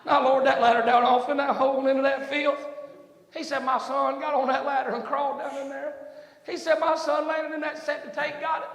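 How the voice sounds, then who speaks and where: Shouting preacher in echoey church. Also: male voice, very high voice, flat delivery, brisk. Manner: folksy storytelling, building to shouted preaching. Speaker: pastor. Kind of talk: sermon storytelling. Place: church sanctuary. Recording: echoey hall with long reverb.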